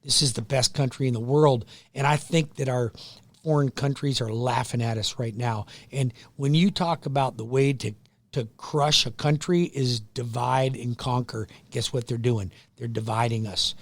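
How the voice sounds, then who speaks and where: A middle-aged man hosting a radio show, loud and pushy, joking at his own expense and going a bit hoarse from yelling. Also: mid-range voice, fairly even intonation, moderate pace, no echo. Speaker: radio show host, mortgage lender. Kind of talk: energetic radio sales pitch. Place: radio studio.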